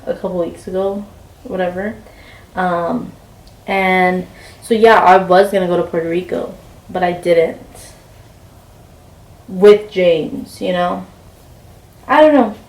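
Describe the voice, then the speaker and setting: A young woman vlogger telling a rambling story while packing, full of fillers and "like". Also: mid-range voice. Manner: chatty, rambling with many fillers and "like". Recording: roomy, mic a bit far off.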